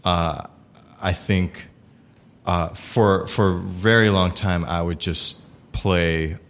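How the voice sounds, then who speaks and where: A man chatting casually about improv, talking haltingly with many fillers and restarts. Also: low voice, steady tone, a bit bright. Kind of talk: casual chat.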